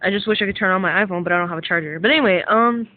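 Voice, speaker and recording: A young woman ranting casually to camera as a vlogger, rambling with lots of fillers and swearing excitedly. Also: medium pitch, very fast. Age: young adult. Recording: tinny phone-like sound.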